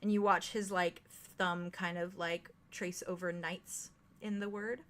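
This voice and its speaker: Slow-talking woman game master. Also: lowish voice, little pitch movement, a bit bright. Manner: hesitant, full of "um" and "like". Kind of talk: narrating a tabletop game.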